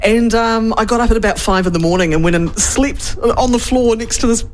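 A woman's voice: fairly high pitch, fairly quick, a little hiss or hum. Giggly woman guest in her thirties. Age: 30s. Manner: giggly, open, anecdotal. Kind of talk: casual radio chat.

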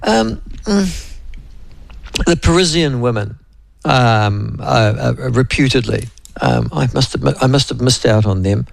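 A New Zealand man hosts a radio show with a gravelly, creaky voice. He rambles from one aside to the next, full of ums and little asides to his co-host. His voice sounds dry and close, with no room around it. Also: medium pitch, lively intonation, unhurried, no echo. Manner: rambling, digressive, lots of fillers; addresses co-host and listeners by name. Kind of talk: casual radio chat.

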